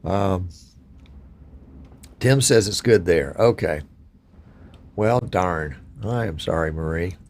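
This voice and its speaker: A man's voice: low-pitched, slow, long pauses, a little mellow. Folksy older man hosting a live stream. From Virginia. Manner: folksy, chatty, self-deprecating. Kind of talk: casual live stream chat with viewers.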